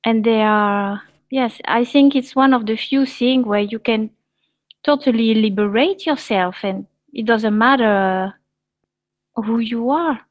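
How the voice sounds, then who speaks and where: A woman's voice: a little high, takes it slowly, no echo. A woman in casual online panel chat, speaking earnestly and thoughtfully. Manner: earnest, thoughtful, hands questions on. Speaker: panel guest. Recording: dull lo-fi audio.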